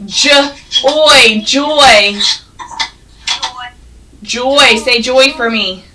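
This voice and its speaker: A woman teaching a first grade class, sounding out words slowly and praising the children. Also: sits high, pushed and bright, far from the mic, rough recording. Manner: slow, exaggerated sounding out of words, encouraging. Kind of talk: classroom phonics and reading lesson.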